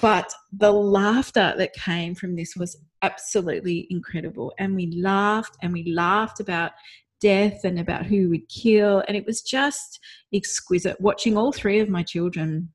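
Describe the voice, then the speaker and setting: A woman's voice: lowish voice, normal speed, husky. A middle-aged woman co-hosting a podcast, telling a personal story in a reflective, casual way and often laughing. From Australia. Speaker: podcast co-host. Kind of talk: casual chat.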